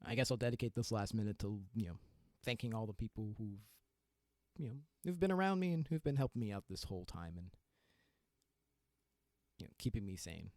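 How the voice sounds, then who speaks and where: A young adult man rants on his own podcast, frank and self-deprecating, laughing at himself between points. His voice sits on the low side yet leaps up and down expressively. The sound is dry and close, with no room around it. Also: lively intonation, fairly quick, darkish tone, no room sound. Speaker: podcast host. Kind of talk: solo podcast rant.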